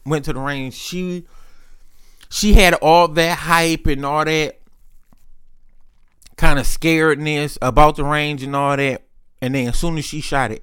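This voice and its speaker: A young man hosting a podcast, telling candid, rambling stories in casual chat, full of profanity. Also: medium pitch. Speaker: podcast host. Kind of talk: casual storytelling.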